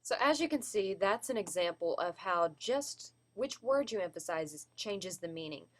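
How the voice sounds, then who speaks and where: A woman's voice: medium pitch, animated, normal speed. A woman giving a class presentation on vocal delivery, explaining and demonstrating word emphasis. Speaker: student presenter.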